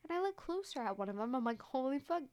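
A woman's voice: on the high side, sing-song, fast talker. A young woman from Arizona hosts a podcast and tells a story in a loose, rambling way. She swears constantly, leans on "like" and "um", and keeps losing her thread before circling back to it. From Arizona, United States. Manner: profane, rambling, filler-heavy. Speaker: podcast host. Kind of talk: casual storytelling chat.

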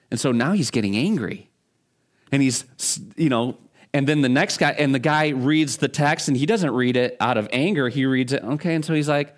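A pastor speaking from the pulpit in a mid-pitched man's voice. He preaches conversationally, often stopping and restarting his sentences as he works through a thought. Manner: conversational, halting with many restarts. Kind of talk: sermon.

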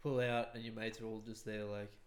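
A man in casual chat, relaxed and swearing offhandedly. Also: fairly low pitch, fairly quick.

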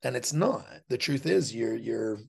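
A man's voice: medium pitch, expressive, unhurried, creaky, breathy edge. A man speaking as a podcast guest in a casual interview, blunt and profane, often acting out other people's voices as he explains his point. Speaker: podcast guest, fighter and dog trainer.

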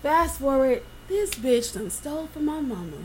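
A woman co-hosting a casual chat, telling stories in an animated, profane way. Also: high voice, normal speed, a little hiss or hum. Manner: animated storytelling, swearing freely.

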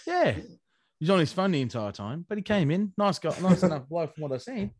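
A man's voice: a little high, sing-song, a little fast, darkish tone, husky, dry recording. Man co-hosting, crude rambling banter, dry close mic. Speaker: podcast co-host. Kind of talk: casual chat.

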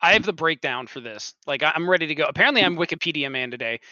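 A man's voice: on the high side, animated, very fast, bright, forceful tone. A man co-hosting a casual podcast, rambling and stumbling over his words. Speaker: podcast co-host. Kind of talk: casual chat. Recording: dry, dull lo-fi mic.

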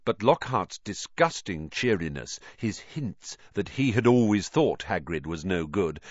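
A man narrating a storybook with an expressive, varied delivery. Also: on the low side, dry recording, dull audio. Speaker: audiobook narrator.

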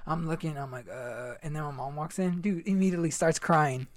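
A man's voice: a little high, fairly quick, dry recording. A young man telling a personal story in a rambling casual chat, full of "like" and "dude.".

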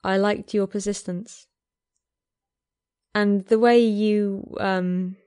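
A woman voicing a shy, gentle man who speaks softly and haltingly. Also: medium pitch, flat delivery, clean tone, natural voice. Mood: hesitant. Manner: hesitant, soft, halting.

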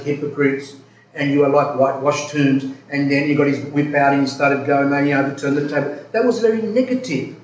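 A man who is a priest giving an earnest, emphatic pastoral talk, repeating his points with rambling asides. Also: a little high. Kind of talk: pastoral talk answering a listener. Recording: echoey room, distant mic, faint noise.

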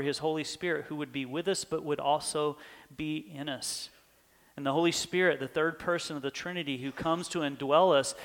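A man's voice: a little high, a bit bright. A pastor preaching a sermon in an earnest manner, his voice swelling with emphasis.

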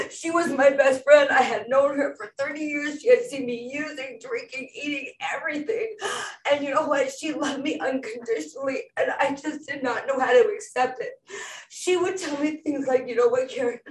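A middle-aged woman giving a tearful, emphatic tribute speech at a memorial gathering, choked up and halting. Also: sits high. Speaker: speaker at a memorial. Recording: roomy, distant mic with faint ambience.

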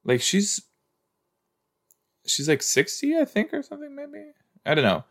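Male podcast host, unhurried, lively intonation, chatty and self-questioning. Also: high voice, vocal fry. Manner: rambling, self-questioning, musing aloud. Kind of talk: casual watch-along commentary.

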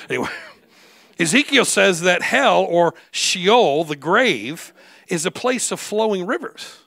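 A man preaching an animated sermon with humor, acting out the voices of figures he quotes. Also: sits high, slow, vocal fry, no room sound. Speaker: guest preacher.

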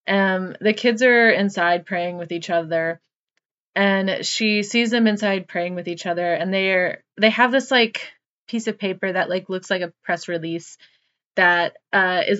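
A woman's voice: on the low side, fairly bright tone. A woman podcast host casually recapping a horror movie, saying "like" constantly and swearing freely.

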